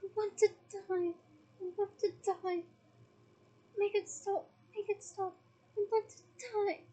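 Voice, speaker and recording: A woman's voice: very high-pitched, little pitch movement, very slow, dark tone, heavily acted. A woman voicing a tormented elderly male wizard who begs and wails, reading aloud from a book. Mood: anguished. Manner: begging, wailing, breaking into sobs.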